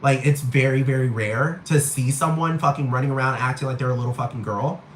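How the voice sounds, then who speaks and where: A man's voice: mid-range voice, a little fast, fairly bright tone, a little hiss or hum. A young man ranting in a vlog, swearing a lot and sounding exasperated, sometimes mimicking people mockingly.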